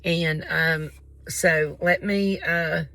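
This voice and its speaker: A woman's voice: deep voice, fairly even intonation, drawn-out words, sharp tone. A woman with a Southern Appalachian accent who chats casually to the camera, rambling and folksy and often breaking off her own sentences. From Appalachian coal country, US. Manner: rambling, folksy, interrupts herself. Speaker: vlogger.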